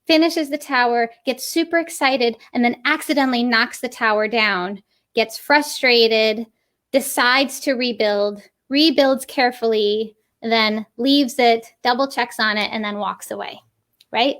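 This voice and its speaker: Lively woman puppetry teacher explaining. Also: a little high, unhurried. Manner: explanatory, animated, demonstrates with voices and laughs. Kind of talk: podcast interview guest.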